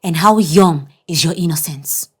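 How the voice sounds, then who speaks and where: A woman's voice: deep voice, measured pace, slightly rough, exaggerated voice. An actress playing a firm woman counselor at a rehab center who scolds and questions a troubled girl in a film drama. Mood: probing.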